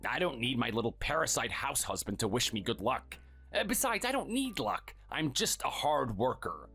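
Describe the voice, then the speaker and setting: A man's voice: sing-song, normal speed, pushed and bright, slightly rough, soft background music, heavily acted. A man playing a scornful, bossy husband who belittles his spouse, in a dramatized story. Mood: dismissive. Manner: sneering and dismissive, low and clipped.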